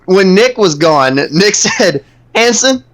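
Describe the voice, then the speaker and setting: A man's voice: on the high side, animated, fairly quick, fairly bright tone. A young man in a casual podcast chat, joking and laughing while he reads out quotes. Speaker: podcast co-host. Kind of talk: casual chat among friends.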